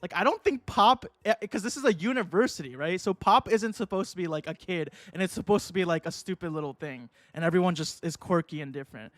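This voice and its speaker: Excitable young man streaming, high voice. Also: fast, hardly any pauses, no echo. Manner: excitable, swearing, laughing often. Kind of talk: casual livestream commentary.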